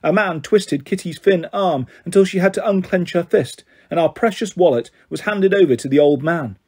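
Husky man reading a children's novel. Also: high-pitched, normal speed. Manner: steady first-person narration, voices for the characters. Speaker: storyteller.

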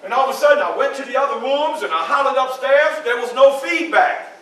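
A man's voice: extremely high pitch, brisk, sharp tone. A man playing a grave former slave. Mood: solemn. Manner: emphatic storytelling with dramatic repetition. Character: grown formerly enslaved man, earnest and grave. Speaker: historical reenactor. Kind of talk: theatrical first-person monologue. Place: library event room. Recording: echoey room from a distant camera.

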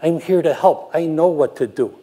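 An older man quoting a reassuring woman runner who guides a friend, speaking gently and instructively. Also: fairly high pitch, moderate pace, husky.

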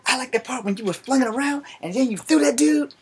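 A man voicing a huge, brash male coworker, loud and blunt. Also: extremely high pitch, fast, a little hiss or hum, pitched above the performer's own voice. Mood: impressed.

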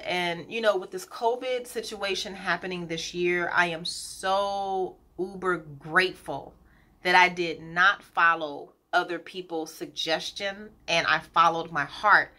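Woman in her 30s vlogging, bright voice, a bit low, candid and chatty with lots of ums. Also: measured pace. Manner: chatty, candid, gets emotional, many fillers. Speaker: colon hydrotherapist and business owner. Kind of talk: casual vlog to viewers.

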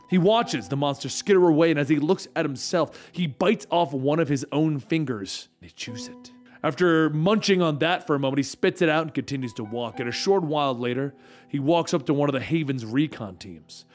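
A man narrating a comic book story in a dramatic, conversational way. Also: a little high.

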